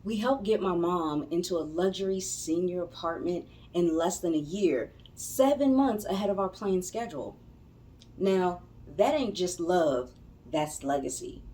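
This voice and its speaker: A woman's voice: fairly low pitch, a little mellow. A middle-aged woman from Maryland, chatting casually to her viewers as a vlogger and business coach, laughing often and tossing in folksy asides. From Maryland, suburbs of Washington DC. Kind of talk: casual talk to camera.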